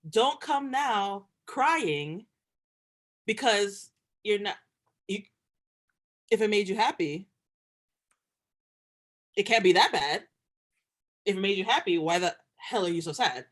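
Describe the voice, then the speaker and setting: Animated young woman ranting with laughs. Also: medium pitch, a little slow, long pauses. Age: young adult. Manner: animated, laughs often, emphatic rants. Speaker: podcast co-host. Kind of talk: casual chat.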